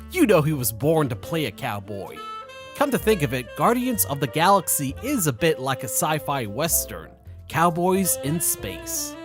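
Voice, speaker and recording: A man narrating a scripted commentary video, with sarcastic, mocking asides. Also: a little high.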